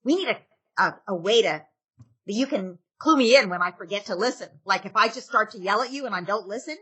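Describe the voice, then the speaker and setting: A woman's voice: mid-range voice, expressive, a little fast, bright, forceful tone, slightly rough. A middle-aged woman, a parenting expert, giving advice in a casual podcast interview and acting out parent and kid lines.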